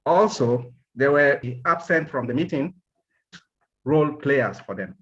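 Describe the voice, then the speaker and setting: A man's voice: medium pitch, expressive, unhurried, highs cut off. A man firmly evaluating a speaking club meeting, insisting there are no excuses for lateness. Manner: firm, admonishing.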